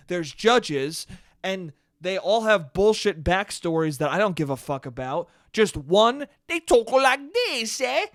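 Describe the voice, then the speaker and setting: A man with an American accent and a fairly high voice rants through a solo podcast, sarcastic and full of swearing. He sounds exasperated and talks close to a microphone. The sound is dry, with no room echo. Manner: profane, sarcastic, exasperated ranting. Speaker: podcast host. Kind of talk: solo comedic rant.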